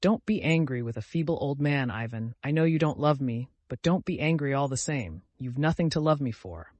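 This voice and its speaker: A man's voice: medium pitch, lively intonation, moderate pace, a little mellow, no room sound, lightly acted. A man voicing a drunken, lecherous old father who rambles and picks quarrels. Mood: wheedling.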